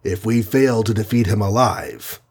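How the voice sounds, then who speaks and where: A man with a husky voice voicing a steady male team leader giving calm orders in an audiobook reading. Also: lowish voice, normal speed. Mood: commanding. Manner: calm and commanding. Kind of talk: audiobook character voice.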